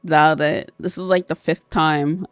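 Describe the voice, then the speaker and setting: A woman's voice: sits low, steady tone, measured pace, clear, resonant tone, dry recording, soft background music. A woman streamer chatting casually with a stuffy, sniffly nose, laughing often and swearing freely. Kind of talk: casual livestream chat.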